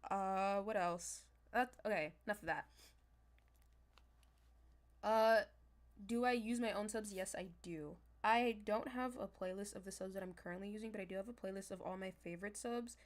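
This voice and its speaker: A young woman chatting casually on a livestream as a manifestation coach, talking straight to her viewers in a loose, animated way. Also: medium pitch, normal speed. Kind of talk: casual livestream talk to chat.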